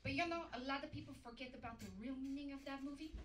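Woman putting on a brash French-Canadian diva, high voice, sing-song, live club stage, audience noise, echoey room. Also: rapid-fire. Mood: boastful, campy. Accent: put-on French-Canadian. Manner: loud, campy, sing-song, bursting into shouts. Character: brash diva female singer, vain, flirty, over-the-top. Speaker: comedian doing a character impression. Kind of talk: live stand-up character act. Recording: roomy live venue from far off, audience noise.

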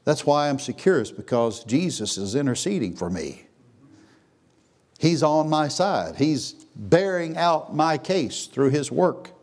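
A pastor preaching a sermon in a church, swinging from hushed, slow lines to loud, high exclamations. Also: male voice, sing-song. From Texas. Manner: preaching with big swings, dropping to a hush then rising to a near shout. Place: church sanctuary.

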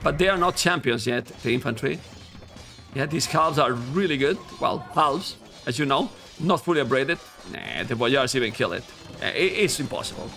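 A man with a Spanish accent, a native Spanish speaker, casting a strategy game live, excitable and talking straight to viewers. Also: mid-range voice, moderate pace, creaky, faint music behind. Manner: excitable, talks to viewers as guys, bursts into yelling at players. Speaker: esports caster.

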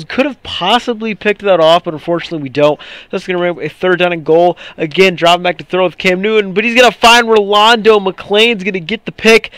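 Excitable young man with a high voice. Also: smooth, dry recording. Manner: excitable, ranting, frustrated. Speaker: gaming commentator. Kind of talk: gameplay commentary.

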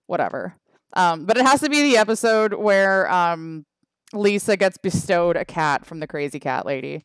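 A woman's voice: lowish voice, animated, normal speed, clear, resonant tone, no room sound, studio quality. A Canadian woman streaming a mobile game, chatting casually and wryly with her chat, trailing off with fillers. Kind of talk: casual livestream chat reading the chat.

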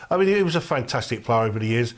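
A male co-presenter on a shopping channel with a mid-pitched voice. He talks in a casual, agreeable way, backing up the main host with easy enthusiasm. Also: animated, rapid-fire. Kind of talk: TV sales chat.

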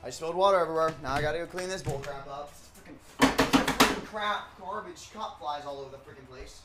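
A young man streaming a game, frustrated and ranting, with lots of swearing, dropping from low mutters to loud yells. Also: brisk, heavy background noise.

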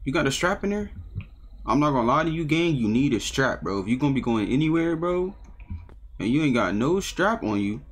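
A man's voice: medium pitch, sing-song, fairly quick, husky. A young adult man streaming a horror game, reacting with profane slang and jumpy outbursts. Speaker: gaming streamer. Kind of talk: live horror game commentary.

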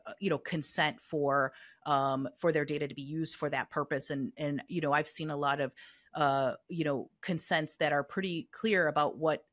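A middle-aged woman who works as a health equity consultant explains her views thoughtfully as an interview guest in a conversational expert interview, often saying "you know." Her voice is deep and a bit bright, recorded with studio quality and no room sound.

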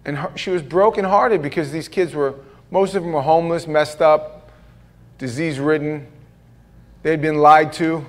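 Man, pastor, sermon, fairly high voice, animated storytelling, self-deprecating humor. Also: normal speed. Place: church sanctuary.

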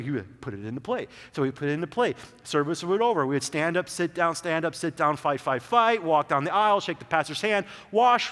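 Young guy pastor telling stories in a sermon, kinda high voice, lots of "like", echoey church. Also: fairly bright tone. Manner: conversational storytelling, many "like"s. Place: church sanctuary. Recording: church hall reverb.

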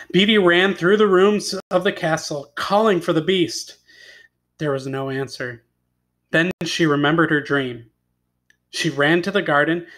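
A male teacher with a somewhat high voice reads a fairy tale aloud with expression. He stops often to ask his class questions about the story. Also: a bit bright. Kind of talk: reading a story aloud to students.

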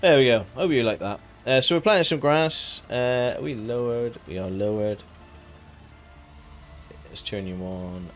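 A man's voice: mid-range voice, a little slow, faint music behind. A man chatting casually on a live game stream, joking, laughing and thanking viewers by name.

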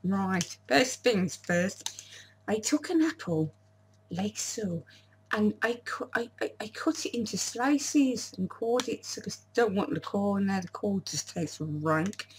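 A woman's voice: medium pitch, animated, a little slow, slight background noise. A woman, chatting casually to camera in a diet vlog, with lots of stumbles and restarts. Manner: chatty, stumbling restarts and self-deprecating asides. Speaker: vlogger.

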